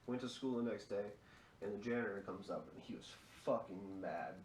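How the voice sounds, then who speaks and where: A man's voice: fairly low pitch, moderate pace, a little mellow, a little hiss or hum. Profane young man, echoey room. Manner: profane, chuckling storyteller. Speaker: fill-in podcast host. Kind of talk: casual storytelling.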